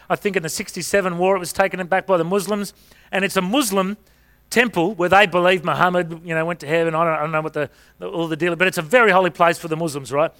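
A man's voice: sits high, pushed and bright. A middle-aged man preaching a sermon, telling stories in a chatty way with rhetorical questions. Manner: conversational storytelling with rhetorical questions.

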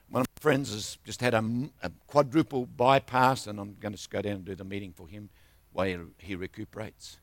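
A man's voice: sits high, creaky, a bit bright, no room sound. An older man, preaching a sermon as a travelling minister, telling stories and asking the congregation for responses.

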